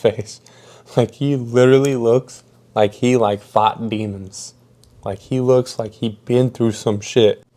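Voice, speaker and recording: Young dude doing a storytime, mellow voice, super slangy and animated. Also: male voice, mid-range voice. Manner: animated, slangy, laughing retelling. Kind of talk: casual storytime.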